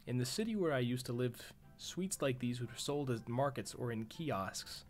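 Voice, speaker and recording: A man's voice: medium pitch, expressive, normal speed, faint music behind. A man live-streaming a horror visual novel, reading the narration aloud and breaking off for profane, jokey reactions.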